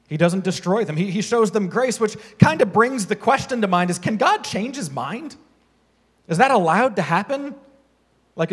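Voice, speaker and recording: A man with a notably high voice delivers a sermon as a pastor. He keeps it casual and chatty, piling up rhetorical questions for the room. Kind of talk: conversational sermon.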